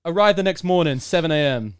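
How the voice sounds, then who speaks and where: Speaking fairly quickly in a mid-range voice, this British podcast guest in his twenties acts out the dialogue as he tells a story in relaxed conversation. The sound is clean studio audio with no echo, and his telling is lively.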